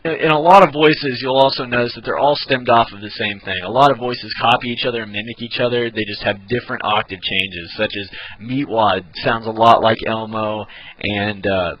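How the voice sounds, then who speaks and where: A man giving a casual video lesson on cartoon voices, relaxed and full of ums and uhs. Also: mid-range voice, normal speed, no room sound, dull audio. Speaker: voice impression tutor.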